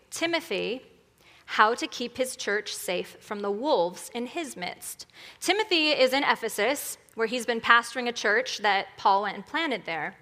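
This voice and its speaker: A woman preaching to a church gathering, earnest and expressive as she tells a story. Her voice sits a little high and very bright. A long hall reverb carries each phrase. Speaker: speaker at a church evening. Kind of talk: sermon with storytelling.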